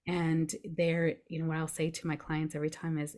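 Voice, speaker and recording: Low voice lady coach walking you through grief steps, reassuring. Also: monotone, moderate pace, few pauses, darkish tone. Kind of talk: podcast conversation.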